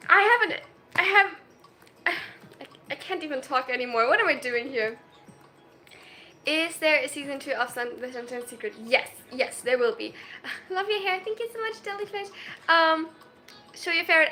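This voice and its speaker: A woman in her twenties chats on a casual livestream in a high, expressive, sharp-toned voice, with faint music behind her. Flustered, she keeps breaking off mid-sentence and laughing.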